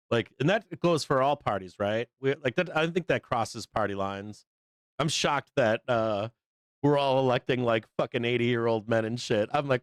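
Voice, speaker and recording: A man's voice: mid-range voice, clean tone, no echo. Blunt, profane male trading-show host. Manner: blunt, profane, laughs often. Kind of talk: casual livestream chat.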